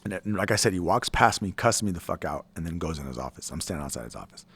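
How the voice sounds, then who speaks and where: A man's voice: sits low, lively intonation, fast, fairly bright tone, slightly rough. A man in his forties, an army veteran guest telling his story in a blunt, profane, rambling way. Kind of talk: casual interview storytelling.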